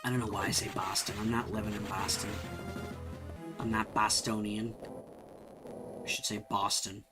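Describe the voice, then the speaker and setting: A man's voice: on the low side, level tone, moderate pace. A man giving casual, rambling commentary while playing a game on stream, swearing when surprised. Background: game music.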